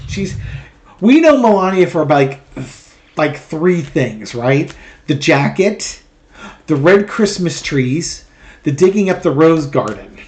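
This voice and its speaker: Chatty tarot host, laughing asides. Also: male voice, medium pitch, darkish tone. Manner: chatty, laughs often, self-correcting asides. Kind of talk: casual chat.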